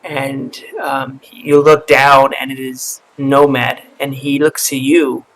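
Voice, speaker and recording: A man's voice: mid-range voice, low-quality recording. A man narrating a tabletop role-playing session as game master, setting scenes and voicing what happens. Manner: slow, relaxed storytelling with gravelly voice.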